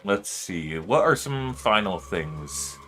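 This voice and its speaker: A man's voice: low-pitched, animated, slow pace, fairly bright tone, faint music behind. A man streaming and chatting casually, rambling with lots of fillers and loose swearing. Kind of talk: casual livestream chat.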